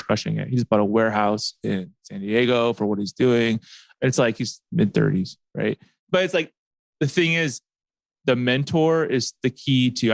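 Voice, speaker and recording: A man's voice: on the low side, creaky, dry recording. Chatty man telling a rambling story. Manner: animated, rambling storyteller with many fillers. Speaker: podcast host. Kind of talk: casual podcast storytelling.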